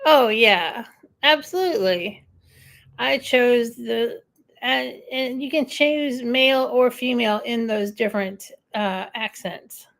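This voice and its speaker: Woman live-streaming, casual rambling chat, slow unhurried talk, gravelly edge, answers viewer comments. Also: on the high side, fairly bright tone. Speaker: livestream host.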